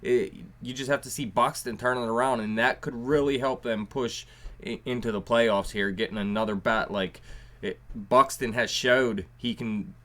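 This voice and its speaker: A man co-hosting a sports podcast, breaking down the game in a measured, hesitant way with frequent restarts. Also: mid-range voice, steady tone, pushed and bright. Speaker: podcast co-host. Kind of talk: casual sports analysis.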